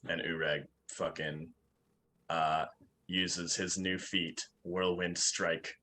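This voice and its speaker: A man's voice: low-pitched, little pitch movement, takes it slowly, bright, forceful tone, slight background noise. A man playing in a tabletop game, laid-back and swearing casually. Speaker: player.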